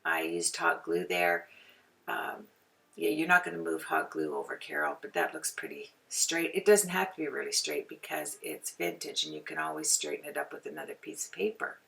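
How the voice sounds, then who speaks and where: Working through a card-making tutorial, a woman from Canada chats and keeps drifting into tangents. She speaks at a moderate pace in a low, gravelly voice that is expressive, pushed, and bright, picked up from a distance from the microphone.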